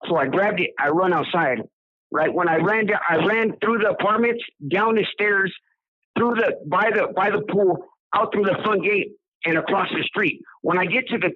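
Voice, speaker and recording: A man's voice: high-pitched, no echo. A man from Southern California telling his own story in a rambling, casual way, repeating words and acting out what people said. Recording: dry tinny phone line.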